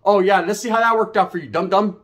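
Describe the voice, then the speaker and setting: Brief: man ranting on his channel, cussing and confrontational, slightly higher voice. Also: fast, a bit bright. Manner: profane, confrontational, swaggering. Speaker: YouTuber. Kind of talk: ranting monologue to camera.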